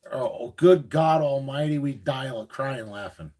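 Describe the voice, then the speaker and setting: Man, gruff and joking, mid-pitched voice, casual storytelling. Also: a little slow, a little mellow. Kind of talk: casual livestream chat.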